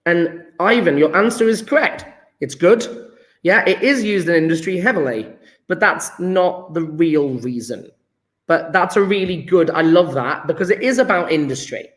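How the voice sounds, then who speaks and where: A male chemistry teacher, running a live online lesson, talking through ideas with restarts and drawn-out repeats. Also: fairly high pitch, expressive, reverberant. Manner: thinks aloud with restarts, drawn-out repetitions.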